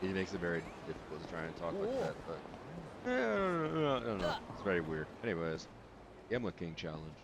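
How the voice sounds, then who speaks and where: A man's voice: low-pitched, wildly swooping pitch, brisk, vocal fry, noisy background. A young man with a light Texan accent, casually rambling and swearing while commenting on a video game. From Texas. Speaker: gaming YouTuber. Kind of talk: let's play commentary. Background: game music.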